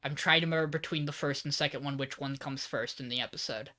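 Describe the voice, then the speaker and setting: Bright-voiced, rambling podcast host. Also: medium pitch, fast. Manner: rambling, animated, acts out character lines. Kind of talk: casual anime recap podcast.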